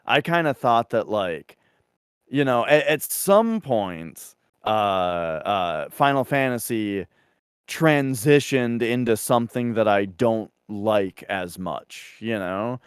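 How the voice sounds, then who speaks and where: A man co-hosting a podcast in casual chat, rambling with lots of fillers and animated asides. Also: lowish voice, takes it slowly, clean tone, dry recording, studio quality. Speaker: podcast co-host.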